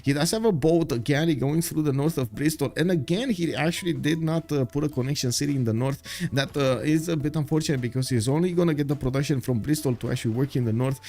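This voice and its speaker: A man giving live commentary on a strategy game as a stream host, talking with lots of filler words and getting excited while answering his viewers. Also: on the high side, fast.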